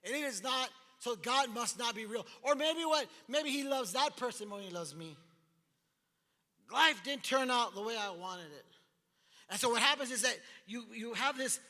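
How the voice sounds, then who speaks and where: A man preaching a sermon as pastor, animated, acting out the voices from the scripture story. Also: very high voice, moderate pace. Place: large church hall. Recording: long church hall reverb.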